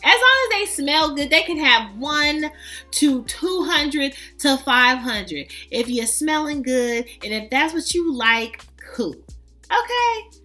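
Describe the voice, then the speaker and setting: Sassy woman chatting about perfumes, bright lively voice, slow and drawn out. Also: sits high, faint music behind. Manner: chatty, emphatic, playful with sassy asides. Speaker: fragrance reviewer. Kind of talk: casual review vlog.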